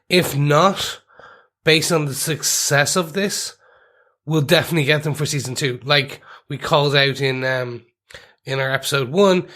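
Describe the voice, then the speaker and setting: A man's voice: medium pitch, sharp tone. A man co-hosting a casual podcast, speculating loosely and saying "like" a lot. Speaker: podcast co-host.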